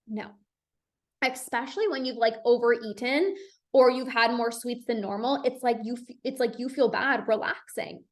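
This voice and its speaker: Chatty young woman coaching, fairly high voice. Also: moderate pace. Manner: chatty, says "like" a lot, reassuring. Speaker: podcast host, binge eating coach. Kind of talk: solo podcast talk.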